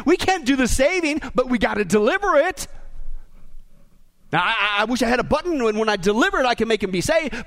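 A man's voice: very high-pitched, a bit bright. A man preaching a sermon in a joking, exclamatory manner. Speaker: pastor.

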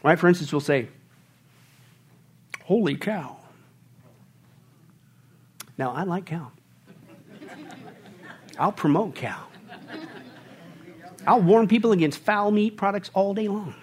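A man preaching a sermon as pastor, swinging from quiet asides to loud, mocking bursts. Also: sits high, unhurried, long pauses, a faint crowd, slight background noise.

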